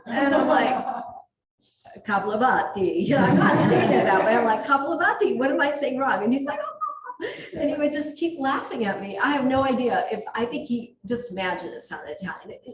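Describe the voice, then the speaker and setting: Woman, yoga instructor, calm cues, laughing asides, distant mic, echoey studio. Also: a little high, brisk, hardly any pauses. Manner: calm cueing with light self-laughing asides. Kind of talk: guiding a yoga class. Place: athletic club studio. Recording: roomy echo from far off, faint ambient noise.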